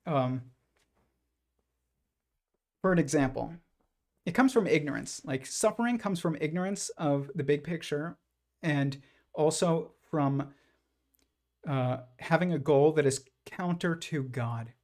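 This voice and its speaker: A man hosts a livestream, rambling reflectively through his ideas in a casual monologue full of fillers and restarts. His voice is a little high and a little mellow, and he speaks somewhat slowly with long pauses.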